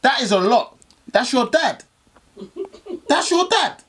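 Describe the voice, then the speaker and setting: A man's voice: very high-pitched, big pitch swings, slow, fairly bright tone, breathy edge. A man, co-hosting a podcast in casual, slangy chat and laughing often. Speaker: podcast co-host.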